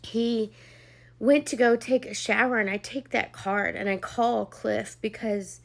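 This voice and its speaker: A woman's voice: a little high, steady tone, unhurried, vocal fry. A young woman telling a personal testimony to camera in a casual, chatty way, full of "like" and "um", who gets emotional as she speaks. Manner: chatty, heavy on "like" and "um", acts out quoted dialogue. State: emotional, near tears at points. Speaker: vlogger sharing a personal testimony.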